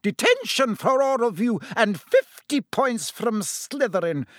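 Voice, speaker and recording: A man voicing a stern older woman professor who scolds in a shrill, raised voice. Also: very animated, measured pace, a bit bright, no room sound, clean studio sound, full character voice. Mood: furious.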